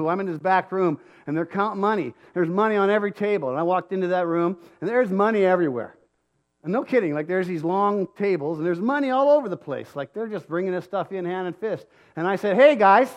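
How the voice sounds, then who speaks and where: A middle-aged man preaching a sermon, telling a personal story in a conversational way that swings from quiet asides to loud emphatic peaks. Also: high voice. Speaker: pastor.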